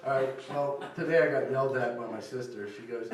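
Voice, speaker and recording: A man doing a crude, deadpan stand-up comedy set at a live show. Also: medium pitch, fast talker. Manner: deadpan, crude, slips into shouted put-on voices for quoted people. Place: live show venue with audience laughter. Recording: echoey room, mic heard from a distance.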